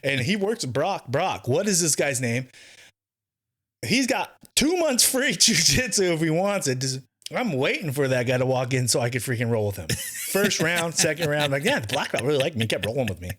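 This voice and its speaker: A man in his forties co-hosting a podcast, telling stories in a profane, animated way that swings from mumbles to loud bursts. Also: a little high, moderate pace. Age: 40s. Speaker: podcast co-host, jiu-jitsu black belt. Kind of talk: casual podcast banter.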